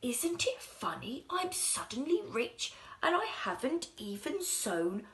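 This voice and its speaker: Woman playing old shoemaker, storybook, amazed, marvelling, high voice. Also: very animated, takes it slowly, a bit bright, heavily acted.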